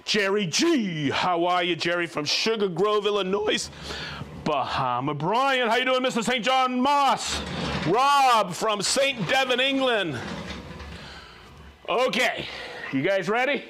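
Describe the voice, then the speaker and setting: A man's voice: high-pitched, animated, takes it slowly, sharp tone, slight background noise. A man hosting a live show, reading out viewers' names and hometowns in a jokey, upbeat way. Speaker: livestream host.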